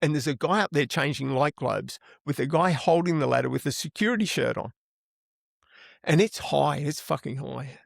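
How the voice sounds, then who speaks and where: A man's voice: fairly high pitch, creaky, no echo, clean studio sound. A middle-aged man with an Australian accent, telling stories as an interview guest in casual, rambling talk with plenty of swearing. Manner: rambling yarn-spinner, swears freely. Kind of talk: casual storytelling.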